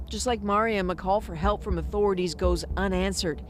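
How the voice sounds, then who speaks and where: A woman reading a news report voice-over in a measured, serious way. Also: medium pitch, slight background noise. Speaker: news correspondent narrating. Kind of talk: scripted news narration. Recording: voice-over with music bed.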